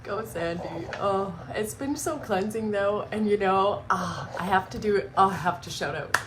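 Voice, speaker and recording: A woman's voice: medium pitch, moderate pace, background noise. A woman hosting her morning live stream, chatting emotionally, laughing through tears and gushing with many restarts. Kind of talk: casual emotional chat.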